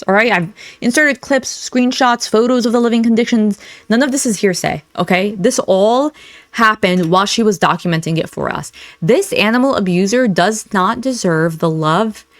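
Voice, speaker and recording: A woman's voice: medium pitch, dry recording. Indignant woman commentating, dry sound. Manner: indignant, blunt. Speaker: reaction commentator. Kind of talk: commentary reaction.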